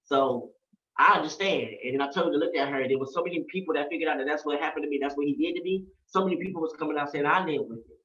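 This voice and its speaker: A man's voice: on the high side, very fast, fairly bright tone. Man telling a personal story, distant and roomy. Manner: earnest, repetitive, quoting others in his story. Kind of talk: emotional personal testimony. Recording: roomy, distant, dull-sounding.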